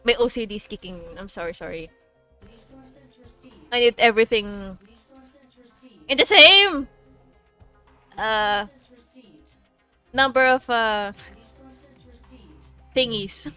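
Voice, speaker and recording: A woman's voice: mid-range voice, measured pace, long pauses, a bit bright, smooth, soft background music. A woman from the Philippines with a Filipino accent, chatting casually while streaming a game, laughing often and swearing freely. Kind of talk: casual chat while playing.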